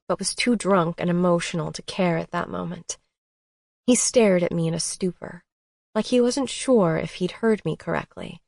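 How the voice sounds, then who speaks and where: A woman's voice: lowish voice, gravelly, a little mellow, dry recording, clean studio sound. A woman narrating a first-person romance audiobook in an intimate, emotional way.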